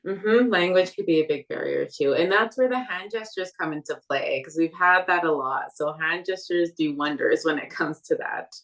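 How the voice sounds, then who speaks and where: A woman's voice: sits low, moderate pace, few pauses. A woman respiratory therapist giving practical tips in a casual group chat, often affirming others. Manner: warm affirming, frequent "yeah".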